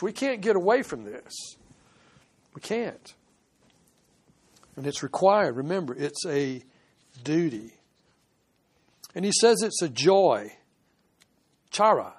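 Man teaching a Bible sermon. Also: sits high. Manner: conversational, acts out quoted voices. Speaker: pastor.

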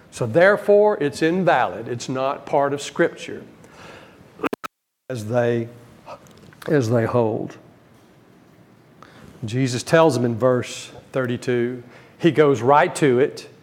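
A man preaches a Bible teaching sermon with emphasis, his voice rising to stress key words and dropping low between them.

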